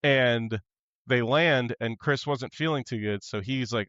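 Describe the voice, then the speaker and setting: A man co-hosting a casual podcast, telling stories with animated energy and acting out the lines of the people in them. His voice sits in a middle register. The recording is dry and a little dull, with no room sound. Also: mid-range voice, a little slow, no room sound. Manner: animated storytelling, acts out quotes. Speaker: podcast co-host. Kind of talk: casual chat.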